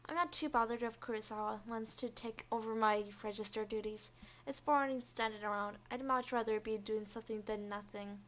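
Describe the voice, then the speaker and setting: A woman's voice: on the high side, normal speed, a bit bright, highs cut off. A woman streamer reading game text aloud and reacting expressively to the story.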